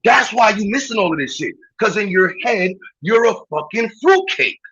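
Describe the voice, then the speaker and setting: A Brooklyn man with a New York accent hosts a livestream, ranting in a mocking, profane way and bursting into laughter. His high, husky voice is bright and forceful, animated at normal speed, and the sound is lo-fi.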